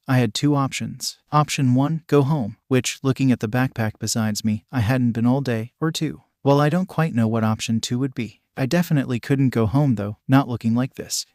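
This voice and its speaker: A man's voice: medium pitch, a little mellow, dry recording, clean studio sound. A man narrating a first-person fan-fiction story in a casual, conversational storytelling way.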